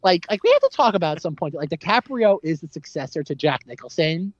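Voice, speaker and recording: A man co-hosting a podcast, ranting rapidly and animatedly about films with a constant stream of "like". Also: on the high side, big pitch swings, no room sound, dull audio. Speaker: podcast co-host. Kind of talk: casual film chat.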